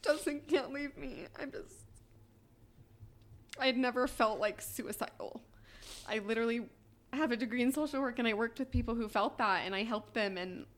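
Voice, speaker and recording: Young woman, podcast guest, quiet halting delivery, near tears at times, lots of "like". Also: a little high. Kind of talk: emotional personal story.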